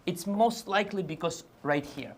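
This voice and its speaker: A man's voice: high voice, normal speed. Chatty man explaining taxes live. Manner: conversational, checks in with "right?" and "okay?"; hedges on details. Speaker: host and tax advisor.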